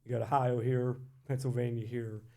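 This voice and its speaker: A man's voice: medium pitch, little pitch movement, normal speed, gravelly, darkish tone. Guy from west virginia telling old stories on a podcast, mid voice, lots of uhs, swears here and there. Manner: loose and talkative, with frequent fillers and profanity. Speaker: podcast guest, Marine veteran. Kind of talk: casual storytelling.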